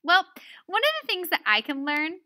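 A woman's voice: extremely high pitch, huge pitch swings, moderate pace, bright, forceful tone. A woman teaching a writing lesson on dialogue, explaining step by step and often checking in with "right?". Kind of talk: recorded lesson video.

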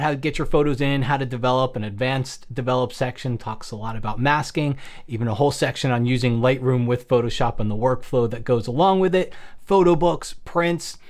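A man walks through a software tutorial in a relaxed, explanatory way, voice pitched in the middle range. He keeps checking in with the listener with quick "okay"s and "all right"s as he goes. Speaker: photography software instructor. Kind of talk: screen-recorded software tutorial.

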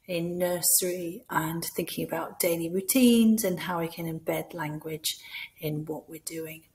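Scottish lady walking nursery staff thru french routines, lowish voice, goes all sing-song on the questions. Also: darkish tone. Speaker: language teacher for nursery staff. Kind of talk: instructional talk for teachers.

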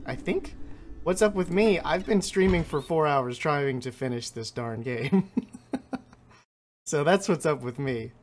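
A man streaming a card game, chatting with his viewers and reading the game's text aloud between quick reactions. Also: on the high side, expressive. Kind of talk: casual let's-play commentary with chat. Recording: faint game music behind the voice.

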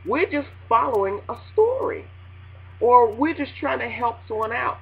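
A woman radio host ranting casually to her listeners, animated and laughing, acting out a phone call in a high voice. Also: normal speed, vocal fry, slightly rough. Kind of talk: casual spoken rant.

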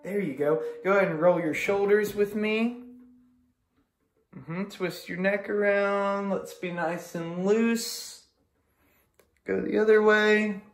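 A string teacher leading an online music lesson, counting beats aloud with patient encouragement. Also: medium pitch. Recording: echoey room with violin playing.

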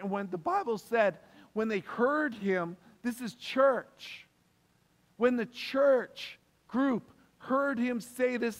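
A man preaching a sermon as pastor, emphatic and repeating key phrases for stress. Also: very high-pitched. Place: church hall. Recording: long reverb of a church hall.

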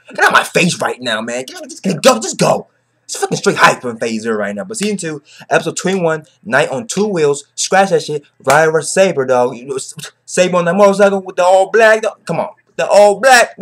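A young man giving an excited, slangy, profanity-laced casual recap of an anime episode, often repeating himself. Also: fairly high pitch, brisk. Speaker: anime reaction vlogger.

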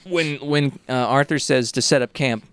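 A man's voice: medium pitch, normal speed, a bit bright, clean tone, no room sound. A man in his thirties co-hosting a podcast, making dry, sardonic remarks about a movie. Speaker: podcast co-host. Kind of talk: casual movie chat.

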